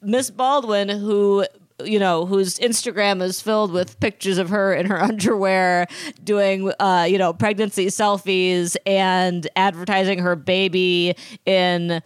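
A woman in her thirties gossips with her co-hosts in an easygoing, chatty way. She tells stories with energy and slips into the voices of the people she quotes. Her voice is mid-pitched and sounds close and dry. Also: a little slow, clear, resonant tone, no room sound. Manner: animated storyteller, acts out quoted voices. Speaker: podcast co-host. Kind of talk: casual gossip chat.

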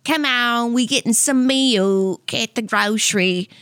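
A woman mimicking a snooty Southern clerk with a slow drawl. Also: a little high, fairly bright tone, clean tone, no echo, clean studio sound. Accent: mock Southern US drawl. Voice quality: slow, drawn-out, condescending twang. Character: snooty drawling Southern store clerk, mean behind politeness.

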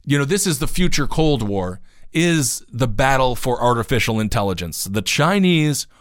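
A man's voice: medium pitch, moderate pace, dry recording, clean studio sound. A man hosting a podcast, giving casual news commentary with sarcastic asides and growing indignation. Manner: animated, sarcastic, gets indignant. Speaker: podcast host.

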